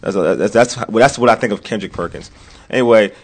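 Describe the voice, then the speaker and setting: A man hosting a casual sports talk show, animated, repeating himself and dropping into low muttered asides. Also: a little fast, slightly rough.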